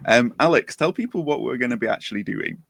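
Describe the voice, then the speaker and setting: A man's voice: mid-range voice, animated, fast talker, gravelly, fairly bright tone, breathy edge, no room sound, studio quality. A man hosting a podcast in a casual chat style, upbeat and jokey as he introduces guests. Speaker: podcast host.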